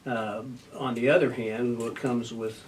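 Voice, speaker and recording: Older man, measured and slightly distant. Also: medium pitch, fairly even intonation. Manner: measured, thoughtful, with many fillers. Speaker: retiring municipal judge. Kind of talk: news interview. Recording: distant mic with faint noise.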